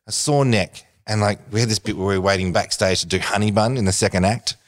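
Low-voiced man telling a lively story. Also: quick pace. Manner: animated storyteller, acts out voices, laughs often. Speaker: guest. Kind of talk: casual anecdote telling.

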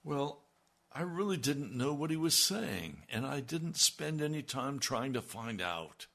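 Older male preacher, low husky gravelly voice, slow deliberate delivery, emphatic. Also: very animated, sharp tone. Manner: slow and emphatic, rising in intensity when quoting God. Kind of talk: sermon.

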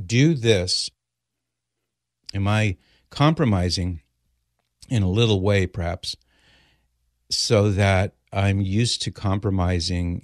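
A man hosting a call-in radio talk show, playful at first and then calm and explanatory as he answers a listener's letter. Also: sits low, dry recording, clean studio sound. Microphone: studio microphone.

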